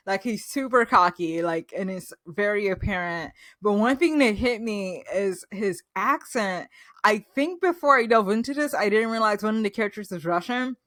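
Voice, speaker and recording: Woman host for a reaction vlog, mid-pitched, gushing and chatty, dry close sound. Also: normal speed, fairly bright tone, no echo. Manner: gushing and enthusiastic, chatty with fillers. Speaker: reaction vlogger. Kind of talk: casual reaction recap.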